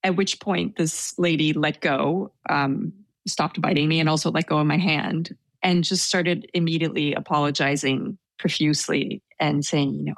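A woman with a fairly low voice tells a story in an easygoing, hesitant way. Her delivery is self-deprecating and full of fillers. The sound is dry and close. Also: moderate pace, gravelly, few pauses, no room sound. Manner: hesitant, self-deprecating, laughs while telling. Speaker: interviewee telling a story. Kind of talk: casual storytelling.

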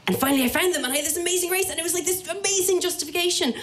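A young woman with an Irish accent tells a funny personal story to an audience, self-mocking and lively, acting out the voices of the people in it. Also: very high voice, rapid-fire.

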